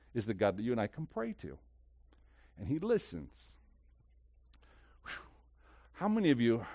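A man preaching a sermon as pastor, swinging between loud, lively stretches and hushed, slow ones. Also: medium pitch, no room sound, clean studio sound.

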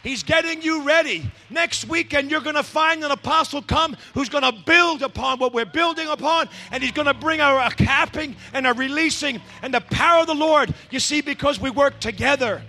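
High, bright-voiced preaching man. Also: normal speed, hardly any pauses, in a large hall. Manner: impassioned preaching, swinging between shouts and hushed tones. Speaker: pastor. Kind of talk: sermon.

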